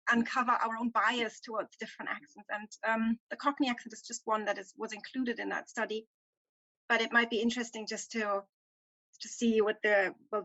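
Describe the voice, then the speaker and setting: A woman taking part in a panel discussion, explaining in a measured, informative way. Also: fairly high pitch, pushed and bright, no room sound, highs cut off. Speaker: discussion participant.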